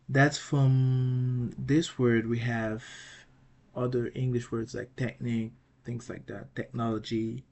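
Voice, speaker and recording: A man giving a slow, measured online language lesson in a mid-range voice. He stumbles and restarts phrases as he explains. He calls out each example word loudly, twice. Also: mid-range voice. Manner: halting, restarts and repeats words while explaining. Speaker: language teacher.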